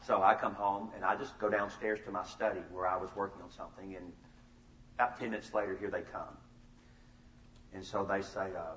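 A man's voice: on the low side, normal speed, slight background noise. A middle-aged man speaking at a family seminar, telling stories about his sons and acting out their conversations with laughter. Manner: animated storyteller, acts out family dialogue with laughs. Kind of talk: storytelling talk to an audience. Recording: roomy, distant, slightly dull sound.

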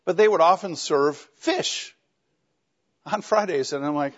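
A man's voice: a little high, a little slow, pauses often. Wry man lecturing a class, lo-fi. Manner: conversational, wry and joking. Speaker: teacher. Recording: dull lo-fi classroom recording.

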